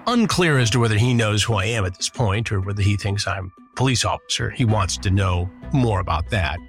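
A man's voice: lowish voice, expressive, fairly quick, soft background music. A man hosting and narrating a true-crime story, with dry, sarcastic asides. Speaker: podcast host narrating a past sting.

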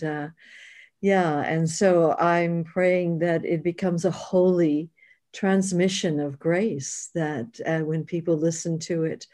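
An older woman teacher speaking in a slow, measured, spiritual way in conversation. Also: low-pitched, warm tone. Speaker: teacher and host. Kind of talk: reflective conversation.

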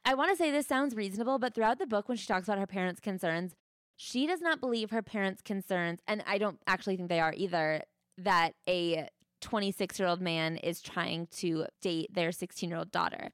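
A woman's voice: mid-range voice, brisk, clear, resonant tone, no echo, clean studio sound. A woman co-hosting a podcast, reading passages from a memoir and bluntly critiquing them, swearing now and then. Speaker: podcast co-host.

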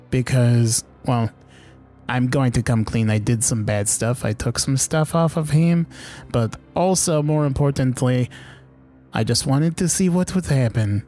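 A man's voice: mid-range voice, warm tone. A man playing a tabletop game in a casual, joking way, often speaking in character. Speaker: player.

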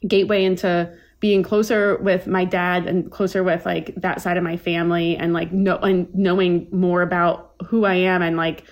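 A woman in her thirties, a podcast guest telling family stories in casual chat, with many restarts and lively put-on voices for her relatives. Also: fairly low pitch, moderate pace, hardly any pauses. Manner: chatty storyteller, many likes and restarts, acts out family quotes.

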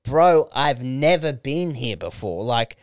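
A man's voice: medium pitch, slow pace, smooth, no echo, clean studio sound. A young Australian man telling a long story on a casual podcast, swearing freely and quoting whole conversations. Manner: swearing, animated retelling with quoted dialogue. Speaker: podcast co-host.

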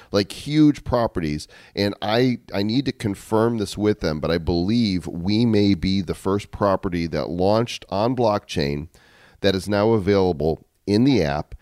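Male podcast co-host, lower voice, dry close mic, relaxed and wry. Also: a little slow, no room sound. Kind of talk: casual chat and sponsor read.

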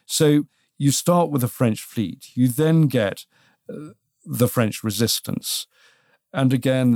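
A British man co-hosting a casual history chat, telling it in a measured, dryly wry way. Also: fairly low pitch, gravelly, a little mellow, dry recording, studio quality. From Britain.

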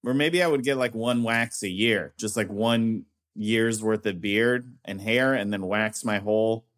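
A man, a comedian guest on a podcast, musing deadpan and tossing out crude jokes. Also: lowish voice, measured pace. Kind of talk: casual comedic chat.

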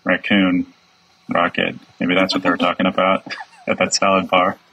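A man appearing as a podcast guest, playful and quick to laugh in casual chat. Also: deep voice, completely flat delivery, vocal fry, sharp tone, poor audio.

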